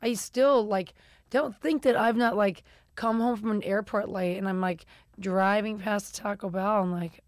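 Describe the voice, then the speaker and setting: Animated woman telling candid stories. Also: medium pitch, measured pace, dry recording, clean studio sound. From Chicago. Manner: animated, acts out quotes, swears casually. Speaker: guest. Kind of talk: candid conversational storytelling.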